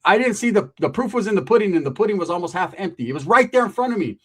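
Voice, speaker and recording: A man's voice: high-pitched, sing-song, racing, fairly bright tone, husky. A middle-aged man casually telling a story from his past, full of profane street slang and quoted dialogue. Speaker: podcast guest telling a story.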